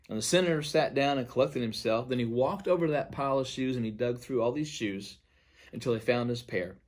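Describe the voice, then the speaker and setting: An earnest male pastor telling of a dream he had. He speaks at a middling pitch and leans hard on some phrases. His voice drops almost to a hush at the ends of others. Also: fairly quick. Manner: earnest, with loudness swinging from emphatic to near-hushed. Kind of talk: recounting a dream to viewers.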